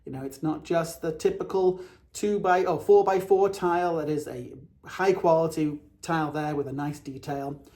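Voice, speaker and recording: A man's voice: fairly high pitch, steady tone, normal speed, dark tone. A man from England, a realtor narrating a home tour in an upbeat, chatty way as he points out the features of each room.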